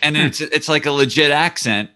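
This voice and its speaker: Bright-voiced man in casual chat. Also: a little high. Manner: agreeable, conversational, quick to chime in.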